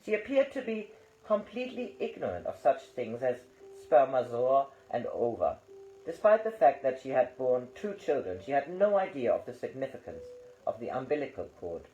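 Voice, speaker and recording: A man reading an audiobook aloud in a calm, measured way. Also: medium pitch, a little hiss or hum. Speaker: audiobook reader. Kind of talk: audiobook narration. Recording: roomy, slightly dull recording.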